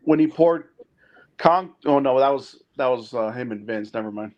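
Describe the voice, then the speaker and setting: A man's voice: mid-range voice, normal speed, muffled recording. A man in casual chat, hesitant and correcting himself with frequent fillers.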